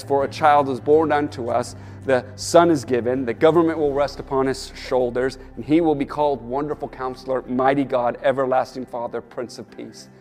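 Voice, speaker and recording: A man's voice: medium pitch, darkish tone, in a large hall. A man preaching a sermon as pastor, rousing his listeners and urging them on with a repeated "come on.". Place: church or studio, preaching to an online audience.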